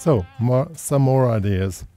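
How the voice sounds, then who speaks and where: Speaking unhurriedly at a medium pitch, a man teaches guitar, walking through each step patiently with simple wording, while guitar and a backing track play behind him.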